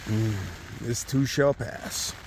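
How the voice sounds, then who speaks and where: Worn out hiker guy in a tent, cold and starving, cussing a lot, normal pitch, a bit of wind noise. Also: fairly even intonation, takes it slowly. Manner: weary, frustrated, swears often. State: cold and hungry. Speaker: long-distance hiker. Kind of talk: vlog filmed while camping. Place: inside a small tent outdoors in a windstorm.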